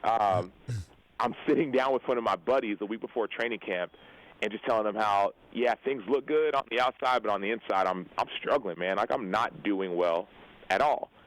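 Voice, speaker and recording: A young man and football player telling a personal story in an interview, earnest and animated, acting out the dialogue he quotes. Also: lowish voice, normal speed, low-quality recording. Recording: radio show broadcast audio.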